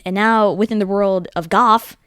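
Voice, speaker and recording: A young man co-hosting a casual sports talk show, eagerly explaining teams and tournaments in quick runs of facts. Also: sits high, fairly even intonation, fairly bright tone, smooth, no echo, studio quality.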